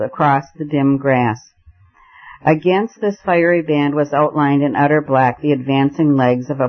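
A man narrating a novel in a steady, measured reading. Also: on the high side, lo-fi sound. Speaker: audiobook narrator. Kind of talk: scripted narration.

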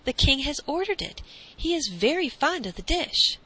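A woman's voice: high-pitched, big pitch swings, moderate pace, sharp tone, pitched above the performer's own voice, full character voice, poor audio. A woman voicing a big, anxious male royal cook in a storybook reading. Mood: perplexed. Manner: anxious, fussy.

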